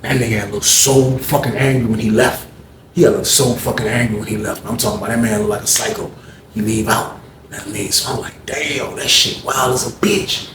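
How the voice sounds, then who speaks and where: Animated storytelling man, echoey room. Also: a little fast. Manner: excitable, acts out other people's voices with loud, high bursts. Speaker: storyteller recounting jail events. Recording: echoey room with faint background noise.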